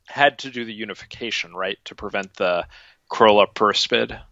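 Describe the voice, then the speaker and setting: A man with a bright, forceful voice trading wry takes in a relaxed sports chat. He restarts his sentences often before making his point. His voice is recorded dry, through a muffled, lo-fi mic. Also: fairly low pitch, normal speed, vocal fry, no echo. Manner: wry, hesitant starts, laughs while joking. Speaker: boxing podcast co-host. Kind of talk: casual conversational commentary.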